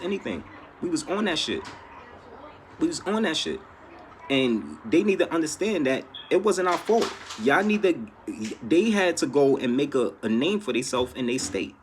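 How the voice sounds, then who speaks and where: A man with a New York accent holds forth in a casual reaction video. His voice rides high and swings widely as he presses each point. A faint hiss sits under his voice. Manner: exasperated, emphatic, profane. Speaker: reaction commentator.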